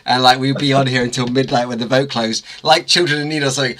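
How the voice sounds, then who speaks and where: A man from a band co-hosting a livestream, jokey and quick with asides. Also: mid-range voice, level tone, a bit bright. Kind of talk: casual chat.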